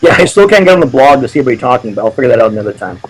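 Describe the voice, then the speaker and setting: Brisk Canadian guy, cheeky and foul-mouthed, guest spot on a radio chat, middling pitch. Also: very animated, a crowd in the background, low-quality recording. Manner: brash, profane, joking. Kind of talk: casual chat.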